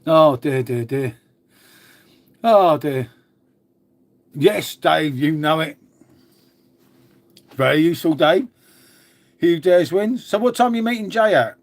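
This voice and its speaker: A middle-aged Englishman hosts a live stream and reads out comments as he goes. He talks bluntly and matily and swears freely. His voice sits a little higher than most men's. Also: animated, slow, pauses often. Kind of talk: casual live chat reading comments.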